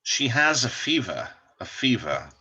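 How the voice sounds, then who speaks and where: A man teaching an English vocabulary lesson, saying each word slowly and repeating it for learners to copy. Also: medium pitch, sing-song, pushed and bright, husky, dull audio.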